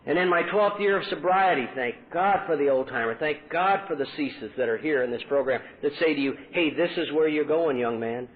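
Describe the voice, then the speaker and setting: A man's voice: fairly high pitch, a little fast, hardly any pauses. A man speaking at a recovery convention, telling his story and acting out the voices of the people in it. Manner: storytelling, acts out quoted voices. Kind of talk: recovery talk to a meeting. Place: convention hall. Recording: tinny lo-fi 1980s tape with hiss.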